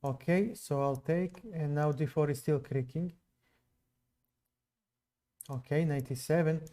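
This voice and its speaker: A man's voice: on the high side, steady tone, measured pace, mellow. A man from Serbia with a non-native English accent, streaming chess live and musing to viewers between moves. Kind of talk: live stream commentary while playing.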